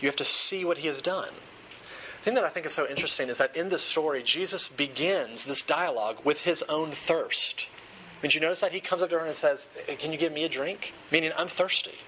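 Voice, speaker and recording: A man preaching a sermon in an earnest, emphatic way, slowing down for dramatic points. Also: fairly high pitch, bright, forceful tone, slight background noise, rough recording.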